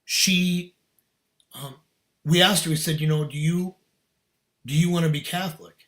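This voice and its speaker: A man's voice: on the high side, fairly even intonation, measured pace, fairly bright tone. A middle-aged man, a podcast guest, telling a personal story in casual, earnest, emphatic talk with slang.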